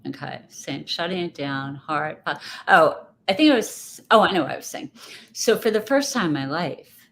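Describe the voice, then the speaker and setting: A woman's voice: low-pitched, lively intonation, normal speed. A woman guest speaking in a casual interview, reflective and rambling, often restarting her thoughts. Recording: faint background noise.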